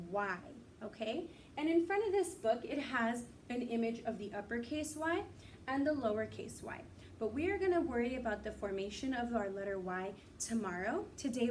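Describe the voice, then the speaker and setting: Sing-song teacher woman, high voice. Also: darkish tone, recorded from a distance, slight background noise. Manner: slow, sing-song teacher talk, drawing out sounds. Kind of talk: recorded kindergarten phonics lesson.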